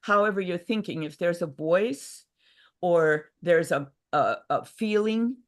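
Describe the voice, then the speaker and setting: An older woman giving a gentle, reflective talk on a livestream video call, with frequent restarts. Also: on the low side, measured pace. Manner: reflective, gentle, many restarts and acted inner voices. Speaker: workshop speaker. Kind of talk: casual teaching talk. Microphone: video call mic.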